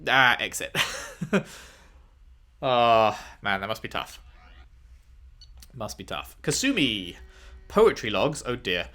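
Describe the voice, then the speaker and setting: Bright-voiced male gamer, casual commentary. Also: medium pitch, very animated, slow. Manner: swears freely, reads dossiers aloud and reacts with loud outbursts. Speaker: gameplay streamer. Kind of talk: let's play commentary reading in-game text aloud.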